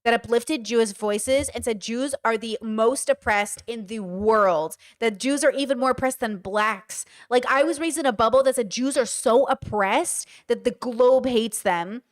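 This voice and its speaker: Animated woman streamer. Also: a little high. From United States. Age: 30s. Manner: animated, rapid, emphatic. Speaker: streamer reacting to a debate. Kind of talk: live-stream reaction commentary.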